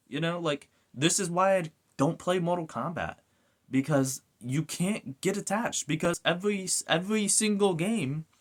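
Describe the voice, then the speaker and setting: A man giving a casual ranting video review, swearing often and going off on tangents. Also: medium pitch. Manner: animated, swears a lot, goes off on rants.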